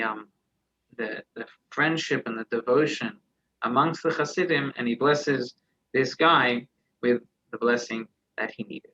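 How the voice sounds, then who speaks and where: A man's voice: medium pitch, bright, forceful tone, muffled recording. A man, a rabbi, telling a story in a conversational Torah class, searching for words and restarting his phrases as he goes.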